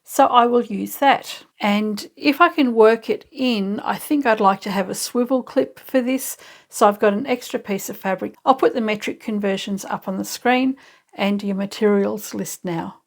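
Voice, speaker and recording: A woman's voice: medium pitch, moderate pace, gravelly. A woman hosting a sewing tutorial, chatty and thinking aloud step by step as she works. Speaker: sewing channel host.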